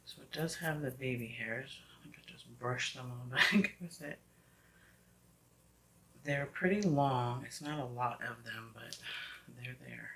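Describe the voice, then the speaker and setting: Slow, chatty woman with a slight Southern lilt. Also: very deep voice, slight background noise. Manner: chatty, drifting into soft whispered asides. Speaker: wig reviewer. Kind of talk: casual product review vlog.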